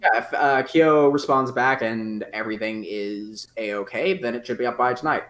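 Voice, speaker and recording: A man's voice: mid-range voice, normal speed, fairly bright tone. A man speaking as a guest on a casual podcast, talking in an offhand, self-deprecating way and swearing now and then. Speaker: podcast guest, game modder.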